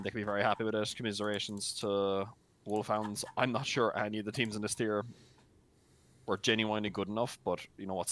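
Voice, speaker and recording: Deep-voiced blunt man. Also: fairly bright tone. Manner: blunt, teasing, chatty with many fillers. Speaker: esports co-caster and league admin. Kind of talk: casual post-match commentary.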